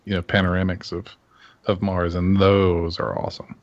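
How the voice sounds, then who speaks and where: A man's voice: low voice, level tone, moderate pace, no echo, lo-fi sound. A man playing in a tabletop game, chatting casually and making joking, wry asides. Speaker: player.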